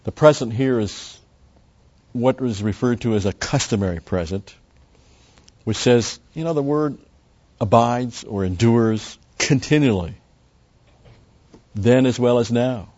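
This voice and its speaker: A man's voice: medium pitch, unhurried, long pauses, darkish tone, dull audio. An older man teaching a Bible study lecture in a rambling, conversational way full of asides.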